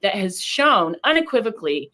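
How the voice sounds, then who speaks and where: Woman explaining stuff earnestly, bright clear voice. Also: mid-range voice, very animated, moderate pace. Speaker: speaker in a played clip. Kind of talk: lecture-style commentary.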